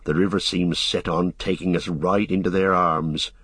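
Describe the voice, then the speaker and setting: Man reading wry grumbling servant, low, dry close sound. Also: steady tone, normal speed, a bit bright, slightly rough, no room sound.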